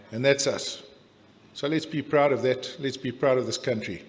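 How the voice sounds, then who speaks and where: South African man, middle-aged, rambling after-dinner toast, blunt jokes, mid pitch, long hall reverb. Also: fairly even intonation, moderate pace. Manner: jokey, blunt, rambling with filler restarts.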